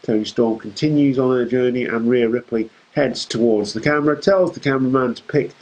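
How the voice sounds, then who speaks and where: A man's voice: mid-range voice, brisk, a little mellow, poor audio. A man hosting a fan show, giving a chatty, rambling recap of a wrestling show with jokey asides.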